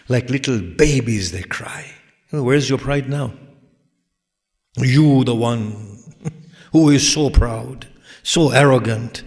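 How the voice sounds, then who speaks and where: A man of middle pitch preaches a sermon in a room with a long, trailing reverb. He drops to near-whispers, then builds to loud, forceful exhortation. He fires rhetorical questions directly at his audience. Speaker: religious lecturer. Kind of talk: sermon lecture.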